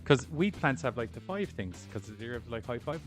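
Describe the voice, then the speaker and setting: A man's voice: medium pitch, sing-song, moderate pace, over loud music. A man, co-hosting a podcast in casual chat. He tells stories with lots of energy, laughs often and swears freely. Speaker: podcast co-host.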